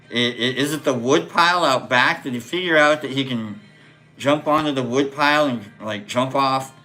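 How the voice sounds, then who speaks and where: A man with a medium-pitched voice hosts a casual podcast, telling a story with energy. He's animated and acts out the voices of the people in it.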